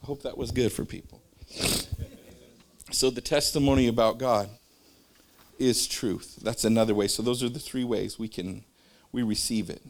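Speaking at normal speed with fairly even intonation and a medium pitch, a man delivers an informal religious talk. Personal stories pull him off course and he bounces among them before coming back, all in a loose, conversational manner full of fillers.

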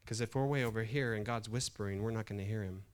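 A man's voice: on the low side, fast. A middle-aged man preaching a sermon in a conversational way, often restarting phrases and building emphasis. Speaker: pastor.

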